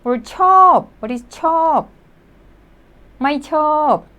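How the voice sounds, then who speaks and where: A woman teaching in an online lesson, slowly explaining words and repeating examples for her students. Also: high-pitched, animated, sharp tone. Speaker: Korean language teacher.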